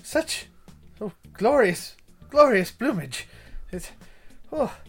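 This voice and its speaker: Man playing a fussy artsy guy, gushy and sing-songy, soft music behind. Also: very high voice, sing-song, takes it slowly, breathy edge, exaggerated voice. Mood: enthralled. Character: fussy artisan man gushing over feathers.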